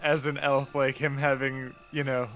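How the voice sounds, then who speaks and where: A man's voice: medium pitch, level tone, normal speed, fairly bright tone, soft background music, rough recording. A man as a player in a tabletop game, chatting casually and eagerly.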